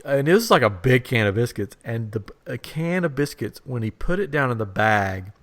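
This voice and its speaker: A man's voice: mid-range voice, fairly bright tone. A man hosting a podcast, telling a rambling funny story in a casual chat and laughing as he goes. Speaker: podcast host.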